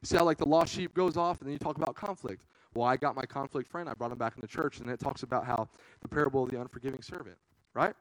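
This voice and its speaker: A man's voice: medium pitch, fast talker, no room sound, low-quality recording. A young man preaching a casual, earnest youth sermon, peppering his talk with "man".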